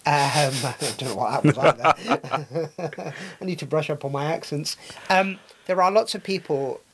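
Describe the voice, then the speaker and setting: A man's voice: fairly high pitch, moderate pace, slight background noise. Hesitant man on community radio. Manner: hesitant, many fillers and restarts. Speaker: radio co-host. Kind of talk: casual radio chat.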